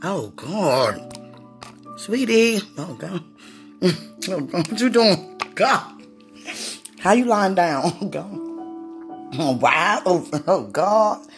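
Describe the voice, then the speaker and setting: A woman speaking intimately and effusively to her husband, sighing and exclaiming often, swinging between high excitement and low murmurs. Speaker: wife talking to her husband. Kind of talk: intimate casual talk to a partner.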